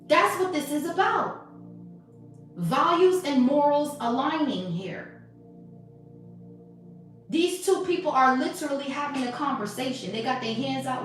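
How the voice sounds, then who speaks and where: A woman's voice: high voice, expressive, a little slow, very echoey, distant mic, faint music behind. A woman giving blunt, profane spiritual commentary as a tarot reader, acting out quoted conversations. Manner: blunt, profane, preachy, acts out quoted exchanges.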